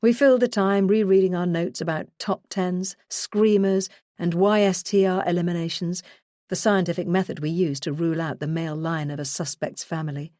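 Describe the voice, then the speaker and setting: Woman narrator for a first-person true crime audiobook: low voice, measured and earnest, close and dry. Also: steady tone, warm tone, no room sound.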